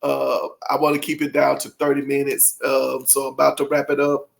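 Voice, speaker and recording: A man's voice: medium pitch, completely flat delivery, brisk, gravelly. A man hosting his own channel, chatting casually and emotionally with viewers in a gushing, folksy way. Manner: folksy, addresses viewers directly. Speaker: channel host. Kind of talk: casual vlog chat to viewers.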